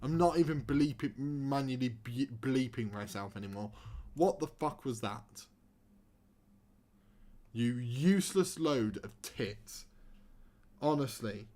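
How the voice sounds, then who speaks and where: A man's voice: medium pitch, expressive, slow, pauses often, mellow. A young man streaming a football manager game, commentating live with sarcastic, exasperated rants.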